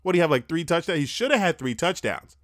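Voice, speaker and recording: A young man hosting a casual football recap podcast, talking fast, animated and profane, breathing heavily into a close mic. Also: a little high, no echo. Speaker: sports podcast host.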